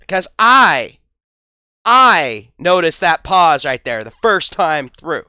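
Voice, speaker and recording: A man's voice: fairly high pitch, sing-song, slow, bright, forceful tone, clear, resonant tone, no echo, lo-fi sound. A man hosting a commentary video, talking in a crude, scornful, mocking way. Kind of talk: profane reaction commentary.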